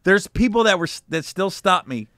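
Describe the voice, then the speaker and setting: Male comic guest, bright forceful voice, lively storyteller, dry studio sound. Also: high voice, normal speed, dry recording. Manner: animated storyteller acting out quotes. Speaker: comedian guest. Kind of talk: casual interview storytelling.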